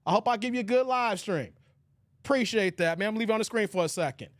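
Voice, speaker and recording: A man hosting a live stream in a casual commentary style, reading out viewer chat and reacting loudly. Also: sits high, fast talker, dry recording, studio quality. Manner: animated, exclamatory, reads viewer chat aloud.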